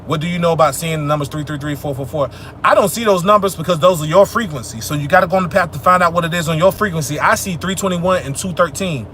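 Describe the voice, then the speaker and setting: A man's voice: on the high side, fast, fairly bright tone, a little hiss or hum. A young man hosting a livestream, answering chat questions about spirituality in a loose, profane, streetwise manner, preaching emphatically.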